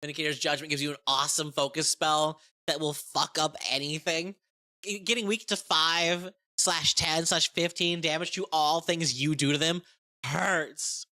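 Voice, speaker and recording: Excitable, swearing woman with a bright voice. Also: low voice, moderate pace. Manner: chatty, excitable, profane, with rambling restarts. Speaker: game content creator. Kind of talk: casual tabletop game review.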